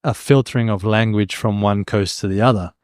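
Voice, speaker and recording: A young man from Australia with a mild Australian accent, co-hosting a podcast and telling stories in a casual, animated way. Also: on the low side, brisk, clear, resonant tone, dry recording, studio quality. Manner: animated storyteller, jumps between tangents. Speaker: podcast co-host. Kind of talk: casual chat.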